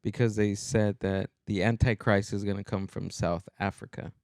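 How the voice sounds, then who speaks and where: A man's voice: fairly low pitch, flat delivery, moderate pace, darkish tone, clear, resonant tone, no room sound, studio quality. A man co-hosting a comedy podcast, chatting casually and rambling with many restarts and trailing-off sentences. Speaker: podcast co-host.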